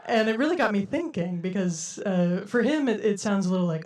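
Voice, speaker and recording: A woman's voice: mid-range voice, lively intonation, a little fast, darkish tone. Woman comic with a lilting, silly voice. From Denver, USA. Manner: lilting, quirky, self-described silly way of talking. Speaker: stand-up comedian. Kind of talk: stand-up routine. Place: comedy stage before a live audience.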